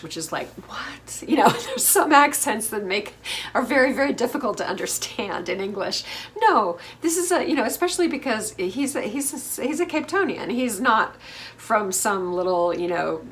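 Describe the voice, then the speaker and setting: A woman's voice: medium pitch, a bit bright, a little hiss or hum. A middle-aged woman from the United States hosting a casual TV recap, chatty and opinionated with lots of fillers. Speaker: host.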